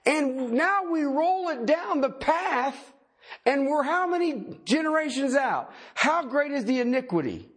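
A middle-aged man preaching a sermon in a folksy, animated way, with joking asides. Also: very high voice, a little slow. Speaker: pastor.

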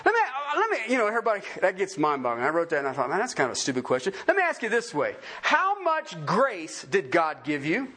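A man's voice: high voice, a little fast, few pauses, breathy edge. A man preaching a sermon, full of questions put to his listeners. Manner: animated, asks the congregation many questions. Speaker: pastor.

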